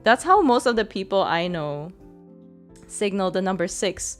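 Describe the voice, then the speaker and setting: A woman's voice: mid-range voice, big pitch swings, unhurried, faint music behind. A woman streamer in casual chat with her viewers, rambling and giggly, full of fillers.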